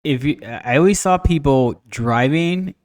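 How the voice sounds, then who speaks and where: A man co-hosting a casual podcast chat, animated, breaking into raised voices when he imitates people. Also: fairly high pitch, measured pace, no room sound, clean studio sound. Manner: animated storyteller, mimics others in raised voice. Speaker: podcast co-host.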